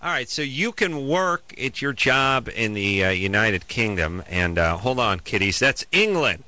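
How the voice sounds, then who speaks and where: A man hosting a comedy radio call-in show, a wisecracking and animated storyteller. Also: medium pitch, a little slow, dry recording.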